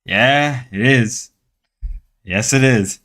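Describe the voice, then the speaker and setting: A man's voice: mid-range voice, very slow, fairly bright tone. A man streaming a casual reaction to a video, rambling and exclaiming with frequent laughter. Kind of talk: casual live reaction commentary.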